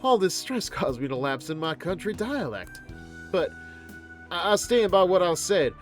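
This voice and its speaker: A man's voice: high voice, very animated, moderate pace, faint music behind. A man reading as Chihaya, an earnest young fortune teller. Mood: heartfelt. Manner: solemn and heartfelt, lapsing now and then into a blunt country dialect. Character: earnest young woman fortune teller, once a cult's revered maiden. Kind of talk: reading game dialogue aloud on stream.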